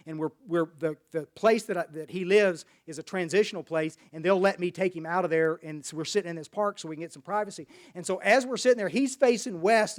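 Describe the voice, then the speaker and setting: A man from Dallas, Texas, telling his personal recovery story at a meeting in a folksy, rambling way with many restarts. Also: sits high.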